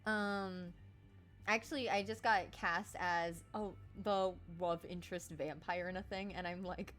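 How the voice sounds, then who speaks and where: A woman's voice: on the low side, steady tone, moderate pace, a bit bright. Chatty laughing woman streamer. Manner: chatty, laughs often, swears casually. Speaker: streamer and voice actor. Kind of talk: casual game stream chat. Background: faint game music.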